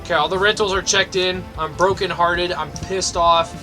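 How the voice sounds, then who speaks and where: A man's voice: high-pitched, steady tone, normal speed, over music. A young man giving sweary, mock-angry let's play commentary. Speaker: gaming video host.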